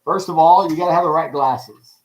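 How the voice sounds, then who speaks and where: A man preaching on a livestream in a lively, joking way, asking his audience many questions. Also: on the high side, a little fast, a little hiss or hum, low-quality recording. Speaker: pastor. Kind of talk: livestreamed ministry teaching.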